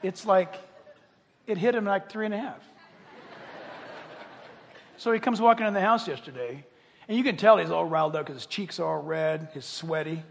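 An older man delivers a sermon in a high, wildly swinging voice. He moves between near-whispered confession and loud, passionate cries, acting out the people he quotes for laughs. The hall around him rings with a long reverb. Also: expressive, moderate pace, creaky, pauses often. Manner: swings from quiet intimacy to loud impassioned calls; acts out quoted voices, jokes with the crowd. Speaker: pastor.

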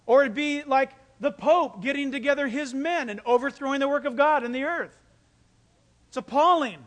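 A pastor preaching a sermon, telling stories with animated delivery and acting out quoted voices. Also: male voice, very high-pitched, moderate pace. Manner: animated storytelling, acts out quotes.

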